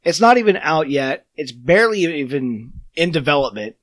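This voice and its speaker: Podcast co-host, male, smoker's voice, fairly high pitch, ranting casually. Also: very animated, normal speed, fairly bright tone, no room sound. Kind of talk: casual gaming chat.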